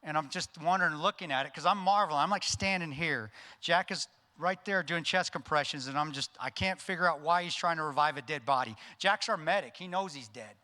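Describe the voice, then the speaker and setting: A man telling a personal combat story to a conference audience, intense and earnest, dropping his voice low at solemn moments. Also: brisk, few pauses, pushed and bright. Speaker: keynote speaker. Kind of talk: motivational war story told on stage. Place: large conference hall. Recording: reverberant event hall.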